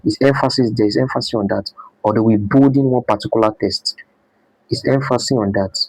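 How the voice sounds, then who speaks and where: A man's voice: mid-range voice, a little fast, darkish tone, slightly rough, dry recording, poor audio. A man teaching a live design class, repeating his points and quizzing students with "what?". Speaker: design instructor.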